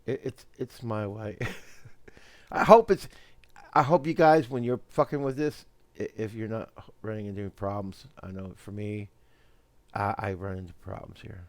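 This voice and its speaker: A man's voice: lowish voice, a little slow, no echo. Rambling man laughing as he talks. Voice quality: rambling, laughs often, repeats words. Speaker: host. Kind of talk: casual chat.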